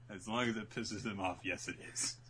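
A man hosting a casual podcast chat, animated and acting out scenes. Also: on the low side, background noise. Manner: animated, acts out scenes in quick voices. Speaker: podcast host.

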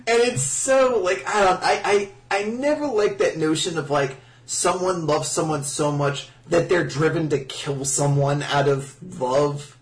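Man, podcast co-host, casual recap, laughs a lot, swears, slightly high voice, roomy distant mic. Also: unhurried, hardly any pauses. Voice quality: laughs often, acts out lines in mock voices. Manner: swears, rambling, animated. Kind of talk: casual manga recap chat.

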